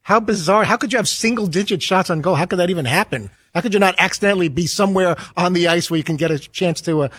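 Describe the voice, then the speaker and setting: A man's voice: sits high, quick pace, hardly any pauses, a bit bright, husky, no echo. A man co-hosting a radio show who needles his partner with rhetorical questions. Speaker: radio co-host. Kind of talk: call-in radio chat.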